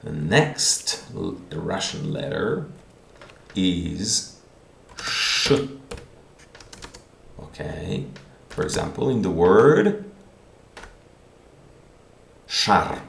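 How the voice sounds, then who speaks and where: Slow, deep, gravelly male teacher. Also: lively intonation, a little hiss or hum. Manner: patient, repeats words, thinks aloud. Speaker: language teacher. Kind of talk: online video lesson. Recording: roomy echo.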